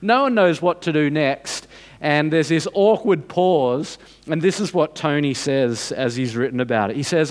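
Higher-voiced man preaching a story. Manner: unhurried, dramatic storyteller building to emphatic points. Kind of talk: sermon storytelling.

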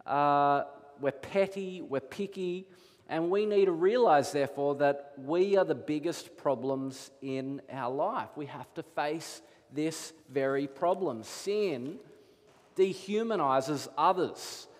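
Man, pastor, sermon, thirties, slightly high voice, echoing church hall. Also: takes it slowly. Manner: animated storytelling, acts out his children's voices. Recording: long hall reverb.

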